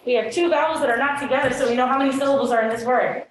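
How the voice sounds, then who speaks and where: A woman teacher leading a classroom phonics demonstration with brisk quizzing questions and quick praise. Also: sits high, fairly even intonation, slight background noise. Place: meeting room. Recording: echoey room.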